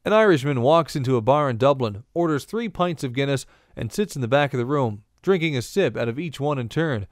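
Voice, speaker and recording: A man reading scripted bartending instruction and bar jokes in a deadpan, joke-telling manner. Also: medium pitch, brisk, few pauses, no room sound, clean studio sound.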